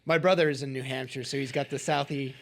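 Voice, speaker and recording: A man hosting a casual interview podcast, relaxed and joking. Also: mid-range voice, gravelly. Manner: relaxed, quick backchannels, joking asides. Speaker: podcast host.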